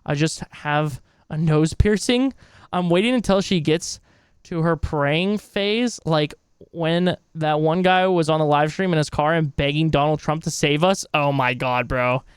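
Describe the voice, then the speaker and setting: Chatty young man with a smooth, higher voice. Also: measured pace, no room sound, studio quality. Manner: rambling, loose and chatty, swears often. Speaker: streamer reacting to videos. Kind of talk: casual live-stream chat.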